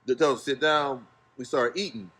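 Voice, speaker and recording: A man's voice: medium pitch, fairly quick, fairly bright tone, slightly rough. Laid-back man from Ohio telling a long story. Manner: laid-back, slangy, rambling anecdote with laughs. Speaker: guest, music manager. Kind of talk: casual podcast storytelling.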